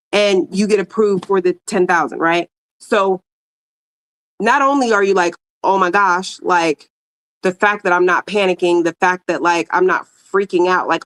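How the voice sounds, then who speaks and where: A woman's voice: on the low side, unhurried, no echo. A woman giving a casual tarot reading straight to her viewers, with lots of slang and fillers like "you know what I'm saying.". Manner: slangy, talks to viewers directly with many fillers. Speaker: tarot reader.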